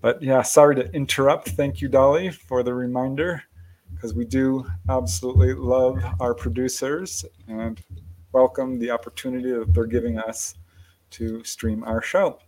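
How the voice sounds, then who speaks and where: A man of middle pitch hosts a live talk show, reading through a station break and plugs. His delivery is friendly and easygoing, with small chuckles between lines. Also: flat delivery, normal speed, darkish tone.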